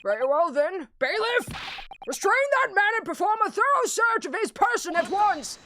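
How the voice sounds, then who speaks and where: A woman's voice: very high-pitched, very animated, moderate pace, background noise, voice pushed up. A woman voicing a stern old male judge in a courtroom game, commanding and exasperated.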